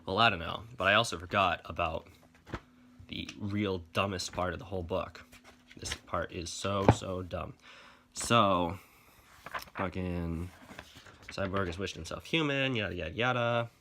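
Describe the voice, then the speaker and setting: A man rants through a comic review in a casual, exasperated way, swearing freely and dripping with sarcasm. His voice sits on the low side but comes out bright and forceful. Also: measured pace, long pauses, a little hiss or hum.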